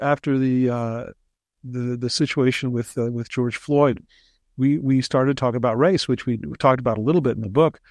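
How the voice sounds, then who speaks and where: Male guest, animated anecdote-teller, keeps restarting sentences, mid pitch, dry close mic. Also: no echo. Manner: chatty, animated storyteller with frequent restarts. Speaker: ghostwriter guest. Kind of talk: casual interview storytelling.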